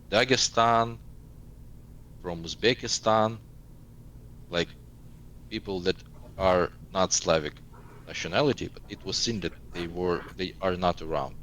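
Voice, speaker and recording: Male guest, 30s, very deep voice, halting second-language English. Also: sharp tone, slight background noise, low-quality recording. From eastern Ukraine. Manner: searching for words in a second language. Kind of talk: casual interview talk.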